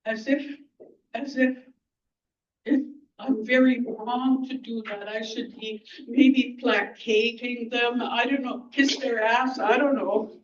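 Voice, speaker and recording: A woman speaks at a community gathering in a blunt, angry, outspoken way, talking slowly and stopping often to hunt for the right word. She is heard from some distance, and the recording sounds dull and low-fidelity. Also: fairly even intonation, a little hiss or hum. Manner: halting, searching for words. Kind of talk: impromptu public speech. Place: community event hall.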